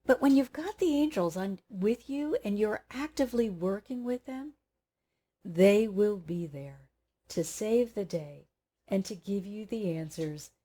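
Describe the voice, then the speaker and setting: Woman host telling her own story to viewers, mellow warm voice, acts out what people said. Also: medium pitch. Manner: animated storyteller, acts out dialogue. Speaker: spiritual coach and channel host. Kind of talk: personal anecdote told to camera.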